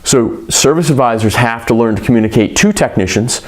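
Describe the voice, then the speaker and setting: A man's voice: mid-range voice, brisk. A man coaching repair shop staff, talking emphatically and often checking in with rhetorical questions. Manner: acts out quoted shop workers.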